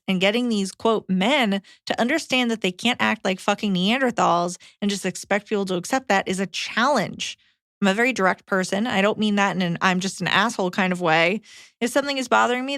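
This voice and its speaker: A woman co-hosting a podcast, reading listener letters aloud in a brisk, deadpan way. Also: mid-range voice, dry recording, studio quality. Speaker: podcast co-host.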